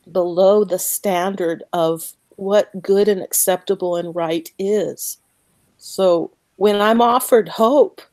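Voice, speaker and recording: A woman speaking slowly and earnestly about her faith as a guest, emotional and close to tears, repeating words as she goes. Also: medium pitch, a little mellow, no room sound. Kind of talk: emotional faith talk on a podcast.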